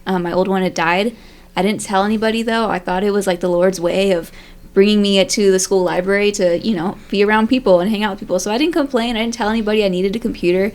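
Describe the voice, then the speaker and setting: A young woman with a steady, mid-range voice talks fast in a slightly mellow tone. Sitting on a faith podcast panel, she tells a heartfelt personal story in a chatty, emotional way, packed with fillers and "like"s.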